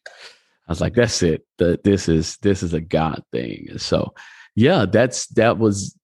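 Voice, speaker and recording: A man's voice: low-pitched, slow, creaky, breathy edge, dry recording, clean studio sound. A pastor telling his story in a conversational interview, acting out the dialogue as he goes. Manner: animated storyteller, acts out dialogue.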